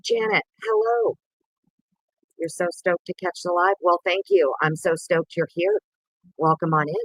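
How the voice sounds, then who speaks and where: A woman's voice: fairly even intonation, moderate pace, fairly bright tone, no room sound, poor audio. A woman hosting a casual livestream, greeting viewers by name in a playful, sing-song way. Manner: bursts of sing-song and squeaky voices. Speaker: livestream host.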